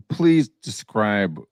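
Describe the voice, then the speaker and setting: A man co-hosting a real estate podcast, brash and animated, laughing often. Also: lowish voice, no echo, studio quality. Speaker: podcast co-host, cold caller. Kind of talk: casual chat.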